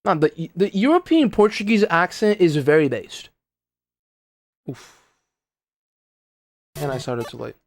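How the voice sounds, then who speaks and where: A man's voice: a little high, big pitch swings, a little slow, long pauses, no echo. A young man from Brazil, chatting casually on a speedrun stream in rambling, slangy speech and muttering at his own gameplay. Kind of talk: casual livestream chat while playing.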